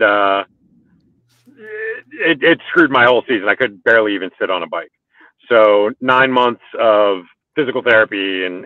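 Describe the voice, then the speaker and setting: A man's voice: fairly low pitch, no room sound. A man who runs motorcycle track days and coaches riders, talking casually on a podcast in a rambling way full of fillers and restarts. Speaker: motorcycle track day organizer and riding coach. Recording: phone-like call audio.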